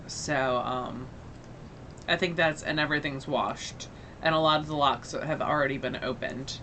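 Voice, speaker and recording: Slow, bright woman with a slight Southern-Northern US lilt. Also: low-pitched, slight background noise. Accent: slight mixed Northern and Southern US. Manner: chatty, rambling with fillers. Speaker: podcast co-host. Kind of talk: casual chat.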